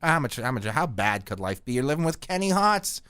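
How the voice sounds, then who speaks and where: A middle-aged man from Canada hosting a podcast, telling rambling stories in a crude, deadpan comic way. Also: mid-range voice, brisk, clear, resonant tone, dry recording, studio quality. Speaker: podcast host. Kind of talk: casual profane storytelling.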